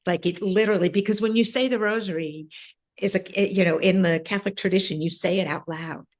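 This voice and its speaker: A woman guest in an interview, telling a personal spiritual story in a reflective, halting way with many pauses and fillers. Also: medium pitch, fairly even intonation. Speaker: interview guest, ancestral healer.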